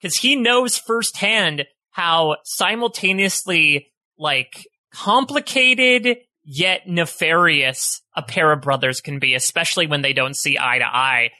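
A man with a fairly high, very bright voice lays out analytical points on a casual podcast. The sound is close and dry, with no room around it. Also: lively intonation, a little slow, no echo. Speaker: podcast co-host.

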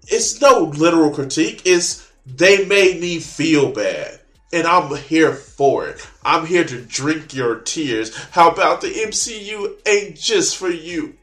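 A man's voice: a little high, fairly bright tone. A man hosting a reaction video, ranting casually with mocking sarcasm and a lot of swearing. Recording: echoey room.

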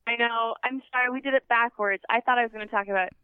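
A woman's voice: on the high side, fairly even intonation, clean tone, dry recording. A woman from Minnesota joking and chatting casually over a phone line on a podcast. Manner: joking, playful, quick to laugh. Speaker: podcast guest. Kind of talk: casual chat. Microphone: phone call.

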